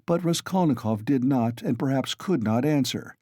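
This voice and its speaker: A man narrating an audiobook with a steady, expressive reading. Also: mid-range voice, moderate pace, dry recording, clean studio sound.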